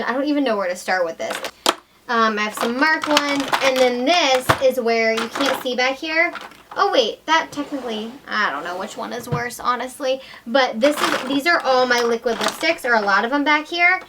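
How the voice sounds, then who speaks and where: A young woman vlogger chatting casually to camera about her makeup collection, swinging between excited and tired asides. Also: on the high side, background noise. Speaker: beauty vlogger.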